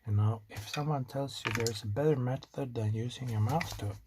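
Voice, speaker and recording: A DIY electronics host builds a circuit at his home workbench, chatting in a mid-range voice at normal speed with a non-native English accent. His casual commentary wanders into jokes and self-directed muttering, backed by clear clicks and typing.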